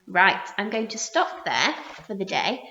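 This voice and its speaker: Expressive woman teacher reading aloud. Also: mid-range voice, unhurried. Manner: expressive storytelling. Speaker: primary school teacher. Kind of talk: reading a story aloud to children. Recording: roomy muffled recording.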